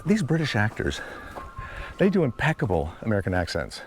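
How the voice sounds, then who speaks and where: A man's voice: on the low side, wildly swooping pitch, a little fast, a little hiss or hum. A man hosting a chat while hiking outdoors, playful and teasing, often laughing. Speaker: host. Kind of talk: casual chat on a hike. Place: outdoor canyon trail.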